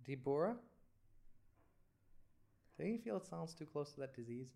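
Woman host, low voice, teasing and blunt interviewer. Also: expressive, moderate pace, gravelly, mellow, a little hiss or hum. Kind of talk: casual chat.

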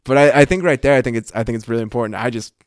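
A man co-hosting a casual Bible discussion podcast. He talks at a middling pitch, thinking aloud in halting bursts with frequent restarts. The sound is dry and close, with little room echo. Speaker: podcast co-host.

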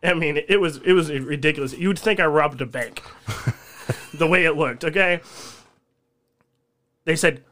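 A man's voice: fairly high pitch, measured pace, pauses often, fairly bright tone. A young man, a podcast guest telling a rambling, profane story and laughing along the way.

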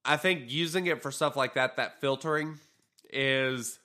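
A man's voice: medium pitch, unhurried. A man co-hosting a gaming podcast, talking casually and loosely with lots of fillers and some tired yawns. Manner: relaxed, rambling, frequent fillers. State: tired, yawning. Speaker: podcast co-host.

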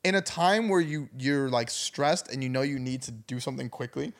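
A man's voice: mid-range voice, moderate pace. A young man telling a rambling, profane story in casual chat.

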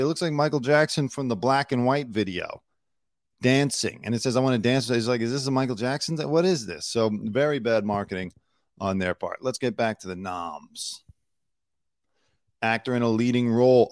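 A lowish, clear and resonant male voice comes through at studio quality with no room sound at all. He's the host of a solo news commentary show recorded in his Los Angeles home studio, speaking chattily and opinionatedly with many fillers.

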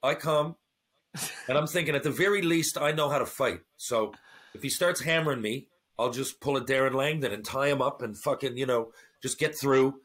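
A man telling a wild story on a podcast, casual and animated, swearing freely. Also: mid-range voice, normal speed. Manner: profane, animated anecdote-telling. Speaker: podcast guest.

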